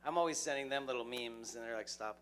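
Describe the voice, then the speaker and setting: A man bantering playfully and excitably on a live fan convention panel. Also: medium pitch, quick pace.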